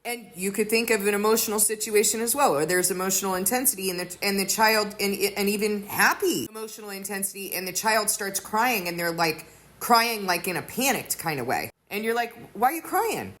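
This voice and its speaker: A woman's voice: mid-range voice, a little fast, fairly bright tone. A woman giving an earnest sermon-style teaching, explaining with everyday examples. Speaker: teacher of a faith community.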